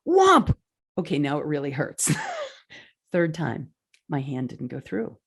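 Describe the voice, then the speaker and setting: Brief: woman podcast host, earnest and animated, fairly low-pitched, inspirational monologue. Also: unhurried, gravelly, slightly rough. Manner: earnest, animated storytelling with lively pitch swings.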